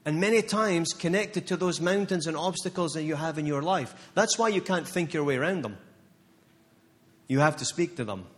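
Male pastor, sermon, impassioned, emphatic repetition, fairly high voice. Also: animated, normal speed, a bit bright, in a large hall. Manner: impassioned, building to fired-up declarations.

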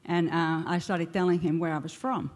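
A woman's voice: fairly low pitch, fairly even intonation, normal speed, big-room sound. Woman, 50s, from Finland, lighthearted missionary storyteller. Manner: lighthearted, laughing through a funny story. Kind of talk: storytelling to a church.

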